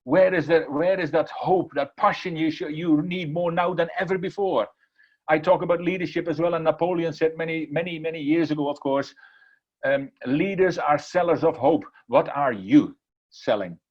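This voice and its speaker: A man's voice: fairly high pitch, normal speed, muffled recording. A man giving an emphatic inspirational talk, repeating key words and sometimes restarting as he tells a story. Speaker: motivational speaker.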